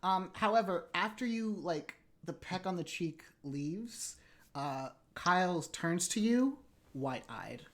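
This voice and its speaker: A woman narrating as game master in a tabletop role-playing game, casual and halting. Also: on the low side, expressive. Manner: casual, halting, with many fillers and apologies.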